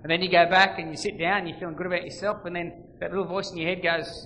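A bright, forceful male preacher delivers a sermon in a large hall. His voice sits a little high, rising to loud emphasis and dropping to near-quiet asides. The room adds a long reverb tail with faint ambience underneath. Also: little pitch movement, fast, a little hiss or hum. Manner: dramatic swings between loud emphasis and quiet.

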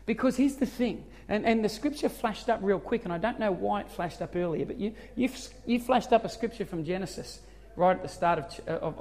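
Animated man preaching in a reverberant hall. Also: high voice. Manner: animated, swings from soft to shouting. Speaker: pastor. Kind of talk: sermon storytelling. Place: church hall.

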